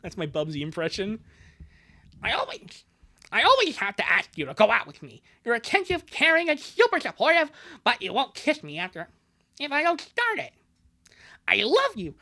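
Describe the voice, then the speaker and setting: A woman's voice: high-pitched, huge pitch swings, normal speed, long pauses, pushed and bright, pitched above the performer's own voice, heavily acted. A woman reading a hurt, earnest teenage girlfriend in a live fan dub. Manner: emotional, pleading.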